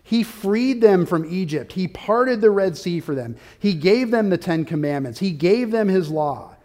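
A man preaching an expository sermon with a slightly higher voice than most men. He moves through his outline point by point. His delivery swells into forceful, emphatic peaks. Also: lively intonation, unhurried. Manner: emphatic, builds to loud peaks; outlined teaching with subpoints. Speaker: pastor.

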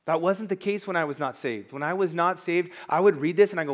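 A man's voice: a little high, quick pace. A man preaching a sermon as pastor, emphatic and conversational, with asides to the congregation.

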